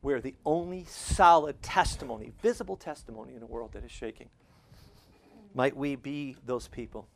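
This sermon finds a pastor swinging from soft, personal passages to loud, fervent ones, finishing in prayer before his congregation. He has a medium-pitched voice with vocal fry and talks at a normal speed.

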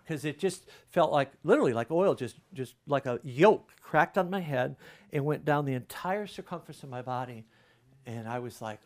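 A middle-aged man preaches in a conversational, testimonial way, his voice sitting a little higher than most men's. He jumps from loud, emphatic bursts to quiet, hushed asides as he makes his points. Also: expressive, a little fast. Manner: earnest, testimonial preaching with sudden swings between loud and hushed. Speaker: pastor. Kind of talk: conversational sermon.

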